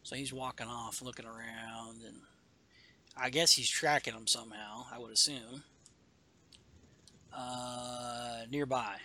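A man's voice: mid-range voice, steady tone, slow, long pauses, bright, forceful tone. A man co-hosting a casual chat, rambling through a comic book story with stumbles and self-corrections. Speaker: podcast co-host.

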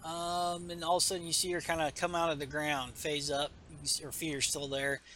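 A man's voice: fairly high pitch, completely flat delivery, brisk, bright, forceful tone, slight background noise. A man hosting a podcast, recapping a comic book in casual chat with rambling asides and many fillers. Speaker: podcast host.

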